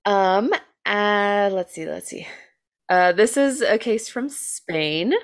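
An American woman speaks slowly but animatedly in a mid-range voice, co-hosting a true-crime podcast and relating a case. The conversation is casual and chatty, with many fillers, self-deprecating jokes and an occasional swear word.

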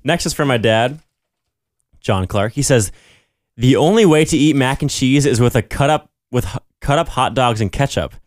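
A young man co-hosting a casual podcast, reading listener submissions aloud in a relaxed manner. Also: medium pitch, normal speed, no room sound, studio quality. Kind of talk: casual chat.

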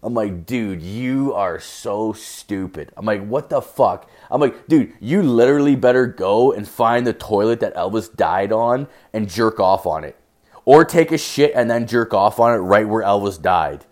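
A rowdy young man from Canada tells a story on his podcast, swearing constantly and playing out both sides of the exchange. His voice sits a little low, and he talks in a loose, casual way. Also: animated, normal speed, a little mellow. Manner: profane, rowdy, acts out both sides of dialogue. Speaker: podcast host.

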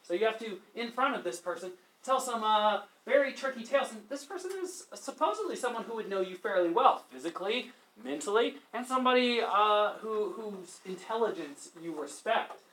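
A male teacher lecturing a class, animated, asking students questions and acting out quotes as he retells a story. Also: sits high, moderate pace, hardly any pauses. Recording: echoey classroom.

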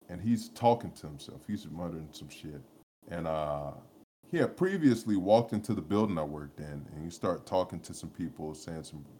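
A man talking on a podcast with a very deep, low voice. He tells his stories in a loose, rambling way, swearing freely, restarting sentences and laughing between them. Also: a little mellow, a little hiss or hum. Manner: rambling, profane, laughs often, lots of restarts. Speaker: podcast co-host. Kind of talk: casual chat, storytelling.

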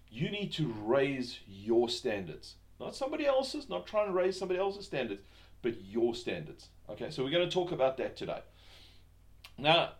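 A man hosting a self-help podcast, talking loosely with many fillers and restarts and asking rhetorical questions. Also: medium pitch. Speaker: podcast host.

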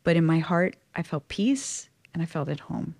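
A woman from Louisiana talks as an interview guest, recounting her own story. Her voice sits a little low for a woman. She is chatty and expressive, peppering her sentences with casual fillers. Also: normal speed, vocal fry. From Louisiana, USA. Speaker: guest, Catholic religious sister. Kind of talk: personal storytelling in conversation.

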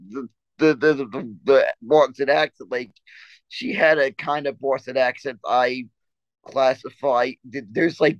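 A man's voice: medium pitch, dry recording, muffled recording. A man co-hosting a casual sports podcast, telling a story in a rambling way with many restarts and stammers. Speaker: podcast co-host.

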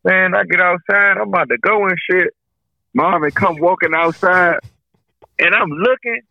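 A man's voice: sits high, normal speed, vocal fry, no echo. A man co-hosting a podcast, casually telling a funny story and acting out the people in it. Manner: animated storyteller, voices the people in his story. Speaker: podcast co-host. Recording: dull, lo-fi sound.

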